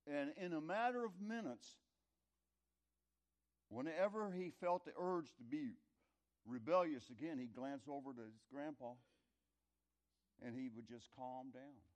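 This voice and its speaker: A middle-aged or older man telling a folksy, rambling story in a conversational sermon, his loudness rising and falling. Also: mid-range voice, animated, measured pace, pauses often. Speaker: speaker telling a story to an audience.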